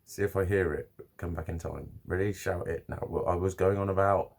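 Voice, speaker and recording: A man's voice: deep voice, fairly even intonation, fairly quick, creaky, a little mellow. A man talking to camera in a rambling, casual vlog, swearing often and restarting his sentences. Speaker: vlogger.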